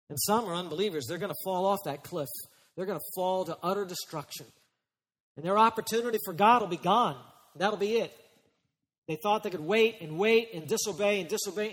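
A man preaching a sermon, dropping to hushed warnings and rising to loud urgent appeals, acting out his listeners' excuses. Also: sits high, long reverb tail. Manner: acts out listeners' excuses in quick quoted voices. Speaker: pastor.

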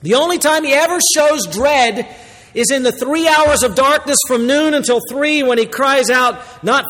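A man preaching a sermon as pastor, moving between hushed, quiet lines and loud, excited exclamations. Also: very high voice, moderate pace, big-room sound.

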